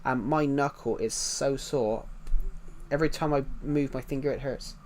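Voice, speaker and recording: A man's voice: mid-range voice, fairly even intonation, normal speed, a little mellow, slight background noise. A British man chatting casually on a live stream while playing, rambling and repeating himself as he answers viewers' chat. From United Kingdom.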